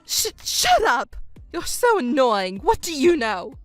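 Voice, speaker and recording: A woman's voice: very animated, normal speed, no room sound, faint music behind. A woman voicing a selfish, whiny middle-aged stepmother who pleads and complains in a texting story. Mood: resentful. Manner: shrill, pleading and self-pitying.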